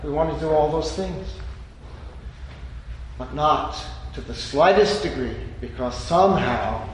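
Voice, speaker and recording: High-voiced man preaching in echoey hall. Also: a little hiss or hum. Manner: emphatic, deliberate preaching with pauses. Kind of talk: sermon. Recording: echoey hall with long reverb.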